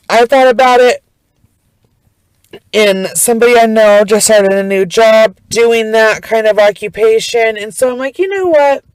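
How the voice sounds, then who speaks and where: A woman's voice: medium pitch, smooth, no room sound, rough recording. Profane ranting woman podcaster. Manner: profane, animated ranting with rambling restarts. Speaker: podcast host. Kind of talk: casual ranting monologue.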